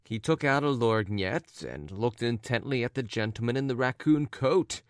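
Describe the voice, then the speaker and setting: A man narrating a classic story in a measured, even storytelling manner. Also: medium pitch, clear, resonant tone, dry recording, studio quality. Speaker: audiobook narrator. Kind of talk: scripted narration.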